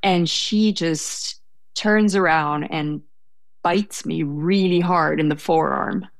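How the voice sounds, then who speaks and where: A woman's voice: low-pitched, slow pace, dry recording. A young woman telling a story in conversation, hesitant and self-correcting, laughing now and then.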